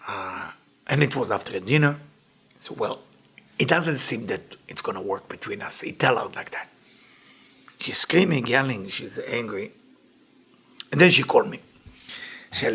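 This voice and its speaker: A male Kabbalah teacher leaps up and down in pitch as he tells his stories, his voice bright and gravelly. His husky tone leans hard on each point. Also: normal speed, pauses often. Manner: animated, emphatic storytelling. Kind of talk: lesson with storytelling.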